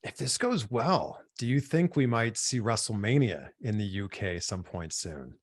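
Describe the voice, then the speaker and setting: A man's voice: fairly low pitch, animated, measured pace. A man hosting an interview, asking curious, friendly questions in a casual chat. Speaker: interview host.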